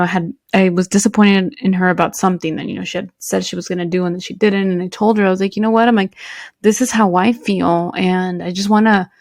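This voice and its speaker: A woman co-hosting a podcast, chatting emotionally with quick asides. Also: medium pitch, a little mellow, no room sound, clean studio sound. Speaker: podcast co-host. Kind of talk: casual chat.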